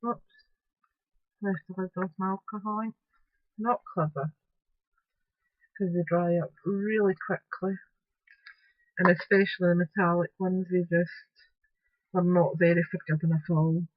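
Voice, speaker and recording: A woman's voice: on the low side, fairly even intonation, measured pace, long pauses, no room sound. Chatty Scottish woman at her craft table. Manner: chatty, talks through each step with apologetic asides. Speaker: crafting vlogger. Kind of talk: casual craft tutorial narration. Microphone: camera close-up. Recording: dull, dry home recording.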